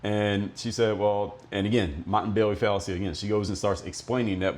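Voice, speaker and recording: A man's voice: on the low side, steady tone, a little fast, darkish tone. A middle-aged man from Miami talking solo as a podcast host, telling stories bluntly, with some swearing. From Miami, United States. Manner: blunt, profane, explanatory. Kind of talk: monologue storytelling.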